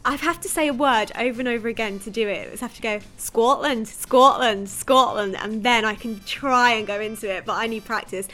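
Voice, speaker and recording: A woman's voice: fairly high pitch, fast talker, hardly any pauses, sharp tone, faint music behind. A woman being interviewed as a guest, chatting casually and joking about herself, laughing often. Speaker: guest actress. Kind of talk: casual chat.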